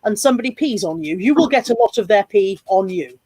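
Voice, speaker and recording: A woman's voice: mid-range voice, fast talker, husky, dry recording. A woman guest in a casual chat who tells stories animatedly and acts out what people said. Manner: animated storyteller acting out quoted reactions.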